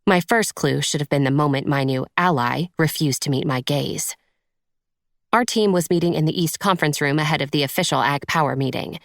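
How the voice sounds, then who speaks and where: A woman narrating a first-person romance audiobook in a measured, intimate storytelling manner. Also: low voice, gravelly, dry recording, clean studio sound.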